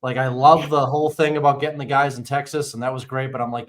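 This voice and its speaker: With a mid-range voice and fast delivery, this sports podcast co-host launches into profane, animated rants as he tells his stories in a casual setting.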